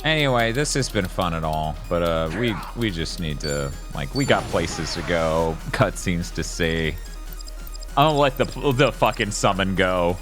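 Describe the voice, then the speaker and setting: A man's voice: low-pitched, expressive, unhurried. A man streaming a video game, rambling casually, swearing and joking as he plays. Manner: rambling, swears freely, jokes with chat. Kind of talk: casual gameplay commentary. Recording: voice over loud game music.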